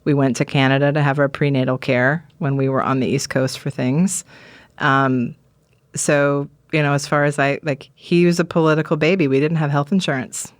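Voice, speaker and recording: A woman's voice: low voice, fairly even intonation, moderate pace, no echo, studio quality. A woman guest telling long, candid stories in a rambling, frank way, swearing casually. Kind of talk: candid conversational storytelling.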